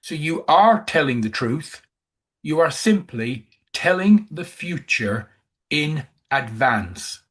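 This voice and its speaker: A man's voice: a little high, sing-song, slow pace. A man giving a coaching presentation, emphatic, who repeats key phrases.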